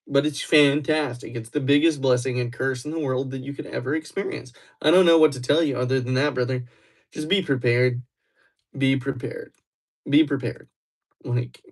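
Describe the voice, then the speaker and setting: A man talking loosely to his livestream audience in a teasing, playful way. He jumps into excited bursts as he reacts to viewers, then settles back into easy banter. His pitch sits right in the ordinary middle for a man. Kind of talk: casual livestream chat with viewers.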